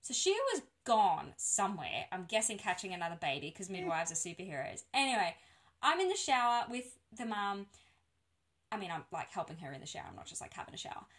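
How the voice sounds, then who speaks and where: A woman casually telling a birth story on a podcast, animated and laughing often. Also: mid-range voice, fairly quick.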